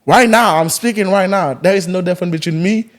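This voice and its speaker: A man with a Haitian accent hosting a podcast, speaking in easygoing casual chat with many restarts. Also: high voice. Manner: halting, restarts a lot, easygoing. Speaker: podcast host.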